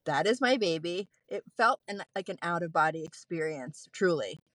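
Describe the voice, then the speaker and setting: Animated woman telling her story. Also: lowish voice, normal speed, dry recording. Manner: animated, laughs often, many fillers. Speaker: guest, postpartum nurse. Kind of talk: candid personal storytelling.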